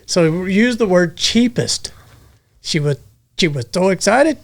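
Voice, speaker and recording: A man's voice: sits high, animated, slow pace, creaky, no room sound. A middle-aged man, telling rambling jokes as a guest in a casual podcast chat. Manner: joking, rambling storyteller. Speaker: guest, horse business owner.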